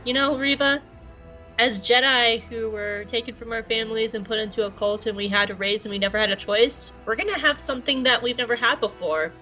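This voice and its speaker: A woman voicing a calm male mentor who speaks earnestly and reassuringly. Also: fairly high pitch, a little fast, faint music behind, rough recording.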